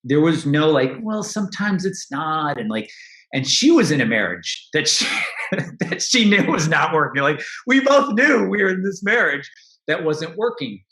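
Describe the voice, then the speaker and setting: A man's voice: on the high side, sing-song, normal speed, pushed and bright, echoey room. A man speaking as a podcast guest, talking candidly and reflectively about his own life, often restarting and laughing. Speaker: podcast guest, money coach. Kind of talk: casual interview talk.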